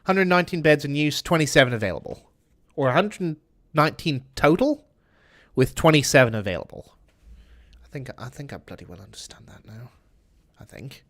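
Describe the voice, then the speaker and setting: A male game streamer talks in a put-on British accent, cursing casually and answering his chat as he plays. His voice sits a little high for a man. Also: animated, moderate pace, fairly bright tone. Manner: chatty, swears often, answers chat while playing. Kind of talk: casual gameplay commentary.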